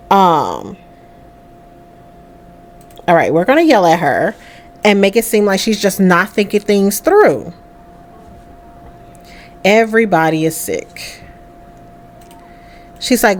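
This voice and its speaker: Animated woman narrating a life-sim game. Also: medium pitch, takes it slowly, pauses often. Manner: voices in-game dialogue in quoted asides. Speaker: let's play host.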